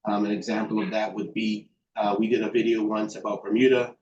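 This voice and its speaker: Low-voiced man in a roomy, dull recording. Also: level tone, a little fast, a little mellow. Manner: thoughtful, many fillers and restarts. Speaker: guest expert. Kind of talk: interview answers. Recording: roomy, dull sound with faint background noise.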